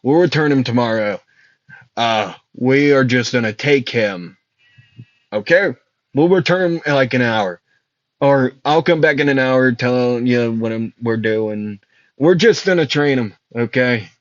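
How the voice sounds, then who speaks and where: A man voicing a confident male samurai swordsman, talking in halting, filler-heavy bursts. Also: medium pitch, no room sound, close to an everyday voice. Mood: breezy reassurance. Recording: dull lo-fi dry recording.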